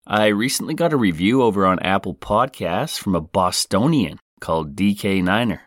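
Lively low-voiced comic podcast host man. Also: dry recording, studio quality. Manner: jokey, playful, quick swings in delivery. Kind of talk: comedic podcast monologue.

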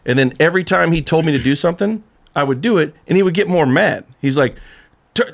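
Guy with a gravelly voice rambling thru a story, pitch jumps all over, acts out the other people. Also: expressive, fast talker. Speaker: podcast guest. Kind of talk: casual storytelling chat.

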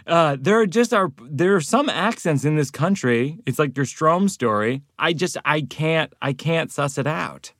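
A man's voice: a little high, expressive, unhurried, hardly any pauses, fairly bright tone, no room sound, studio quality. A man hosting a podcast, telling a wry, self-deprecating story. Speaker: podcast host. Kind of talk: casual conversation, storytelling.

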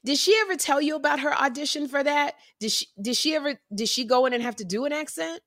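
A woman co-hosting a casual chat, telling stories in an animated way and slipping into voices. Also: high voice, fast talker. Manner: animated storyteller, mimics accents. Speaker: podcast co-host.

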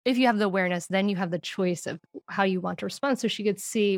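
A middle-aged woman speaking as a podcast guest on parenting, telling stories in an animated way and laughing often. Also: mid-range voice, fast, dry recording, studio quality. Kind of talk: conversational interview.

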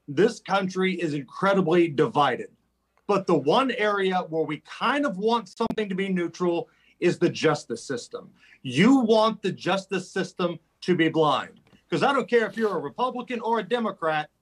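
A man appearing as a guest on talk radio, making a fast, forceful political argument. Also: high voice, slightly rough. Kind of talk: opinionated talk radio commentary.

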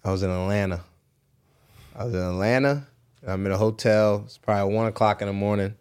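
A man's voice: fairly low pitch, brisk, clean tone. A young man, a podcast guest, telling a story in casual chat and acting out the voices in it. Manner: animated, acts out voices in his stories. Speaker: podcast guest, pro basketball player.

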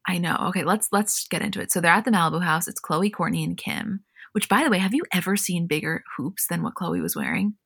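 A woman co-hosting a recap show, chatting casually and reading scenes aloud in an animated way. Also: fairly low pitch, fast talker, slightly rough, no room sound, clean studio sound. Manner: animated, reads quotes verbatim with frequent "like". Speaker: podcast co-host.

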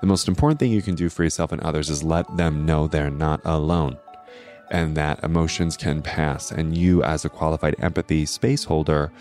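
A man's voice: a bass voice, steady tone, moderate pace, darkish tone, soft background music. A man giving an educational astrology talk, explaining ideas earnestly and often checking in with "right?". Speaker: astrology host.

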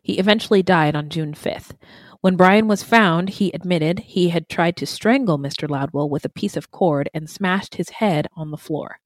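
A woman's voice: lowish voice, normal speed, dry recording. Chatty woman podcaster, dry sound. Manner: chatty, stammering restarts, laughs often. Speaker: podcast co-host. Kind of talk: casual true crime chat.

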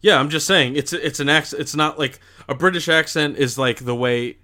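Male podcast co-host, bright and forceful tone, blunt and argumentative in casual chat. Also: a little high, moderate pace. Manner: blunt, argumentative, laughs at own jokes.

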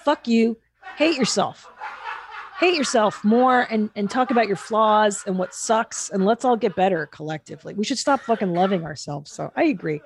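A woman hosting a podcast in casual chat, blunt and animated, swearing freely. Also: medium pitch, moderate pace, a little hiss or hum. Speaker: podcast host.

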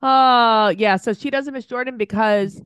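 A woman co-hosting a podcast, giving quick, opinionated reactions in a casual chat about a reality show. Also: a little high, fairly bright tone, clear, resonant tone, dry recording. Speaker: podcast co-host.

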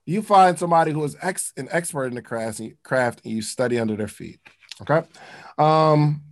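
A man's voice: on the high side, animated, normal speed. A man reading passages from a book aloud and breaking in with slangy, casual comments to explain them. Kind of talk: casual teaching talk.

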